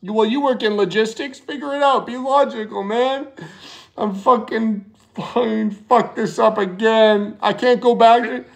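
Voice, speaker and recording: A man's voice: high-pitched, fairly even intonation, slow, creaky, exaggerated voice. A man putting on a panicking truck driver during a prank call, frantic and swearing, pleading into the phone. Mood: panicked. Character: panicking male truck driver who crashed.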